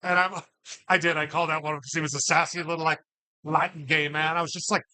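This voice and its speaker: Fast and sharp, with a slightly high, level voice, a man calls bingo numbers during a live bar night. His crowd banter stays casual, sarcastic, and full of profanity.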